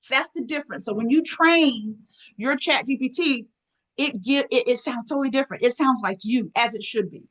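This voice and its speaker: A woman presenter running a live online workshop, lively and folksy, often clearing her throat as she talks to her audience. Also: a little high, normal speed, low-quality recording. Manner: lively, folksy, calls audience girl and y'all.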